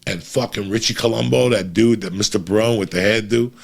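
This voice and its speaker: A man telling a profane, animated story and acting out the voices of the people in it. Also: on the low side, fairly quick, vocal fry. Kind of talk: casual storytelling.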